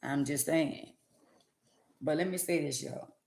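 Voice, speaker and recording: A woman tells her story to viewers in a lively, casual way, dropping into preachy asides. Her voice sits on the low side. The sound carries the echo of a roomy space. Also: a little slow, vocal fry. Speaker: vlogger telling a story.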